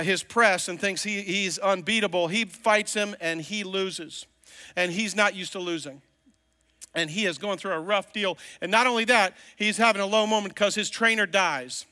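A male pastor preaching in a loose, chatty way, joking with his congregation as he goes. His voice is fairly high and bright. It rings with the long reverb of a large church sanctuary. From Virginia, US. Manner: casual, joking and conversational. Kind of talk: sermon.

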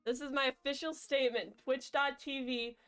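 A woman's voice: high voice, steady tone, normal speed, a bit bright, clean tone. A woman streaming a video game, chatting casually and playfully with her viewers in a jokey, rambling way. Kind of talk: casual gameplay chat.

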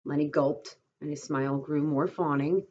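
Low-voiced woman teacher reading a novel aloud. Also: a little hiss or hum. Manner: steady and clear, pausing to pose questions. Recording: dull lo-fi recording.

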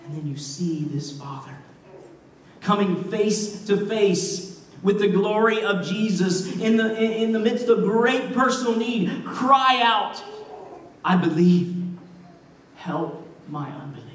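A man preaching a sermon as pastor, retelling a story in an emphatic way with shifting loudness. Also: high-pitched, slow pace, a little hiss or hum. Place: church sanctuary. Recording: echoey church hall, mic far off.

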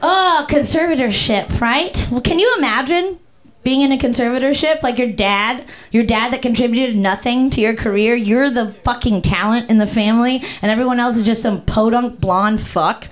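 A young woman doing improvised stand-up on a club stage, brash and crude, riffing on crowd shouts with squeals and silly sound effects. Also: on the high side, moderate pace. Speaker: stand-up comedian.

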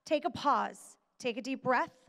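High-voiced woman speaking in a reverberant hall. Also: creaky, fairly bright tone. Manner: emphatic, slow deliberate delivery with pauses. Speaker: motivational speaker. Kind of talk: motivational talk to an audience. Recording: long reverb of a large hall.

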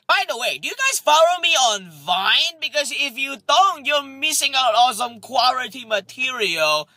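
A young man hosting a comedic vlog, ranting loudly and excitedly about his day. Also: very high-pitched, moderate pace, hardly any pauses. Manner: loud, excitable comic ranting. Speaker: vlogger.

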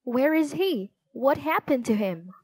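A woman's voice: high voice, animated, a little slow, a little mellow, no echo, voice pushed up. A woman voicing a sensible, cautious young boy magician. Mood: calm. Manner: level-headed and careful.

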